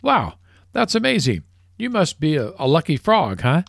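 A man voicing an excited golfer in a told joke, raising his voice high for the character. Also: moderate pace, no echo, studio quality.

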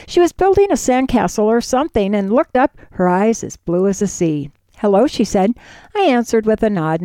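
A woman reading a first-person story aloud in an expressive, measured way. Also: medium pitch, no echo.

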